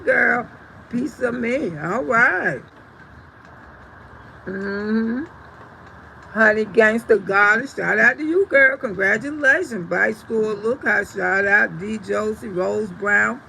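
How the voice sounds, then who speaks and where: Under a tree outdoors, a livestream host with a fairly high, gravelly voice reads viewer comments and showers people with warm endearments like "sugar" and "baby." She's animated and laughs a lot, while the rough recording carries a little hiss or hum.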